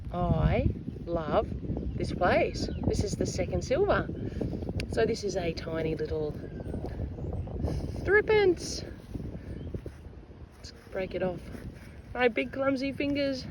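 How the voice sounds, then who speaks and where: A woman giving chatty, excitable commentary to viewers while metal detecting outdoors in a park. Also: lowish voice, takes it slowly, long pauses. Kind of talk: casual commentary to camera. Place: outdoors in a park under trees. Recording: outdoor recording with clear wind and ambient noise.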